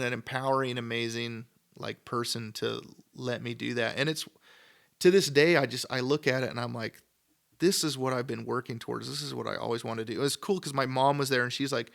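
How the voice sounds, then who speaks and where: In a podcast studio, a guest sculptor from Idaho, USA, rambles eagerly through casual stories, peppering them with "like" and reenacted dialogue. His voice is medium in pitch, creaky and fairly bright, and he speaks fairly quickly.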